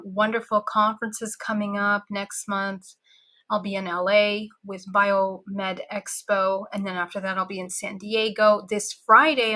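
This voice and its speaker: A woman's voice: mid-range voice, sharp tone. A woman appearing as a guest on a talk show about spirituality, chatting in a bubbly, effusive way. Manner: bubbly and effusive, laughs often. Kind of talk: upbeat interview chat.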